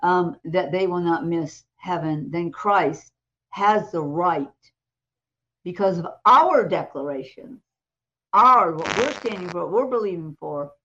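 A woman co-hosting a talk show, retelling a testimony in a lively way and acting out the voices in it. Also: fairly low pitch, a little slow, muffled recording. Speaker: co-host. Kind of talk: animated testimony storytelling.

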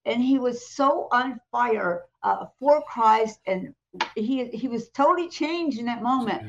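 Woman telling a lively testimony. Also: a little high, unhurried, highs cut off, a little hiss or hum. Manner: retells a story in a lively way, acting out the dialogue. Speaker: co-host. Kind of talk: animated testimony storytelling.

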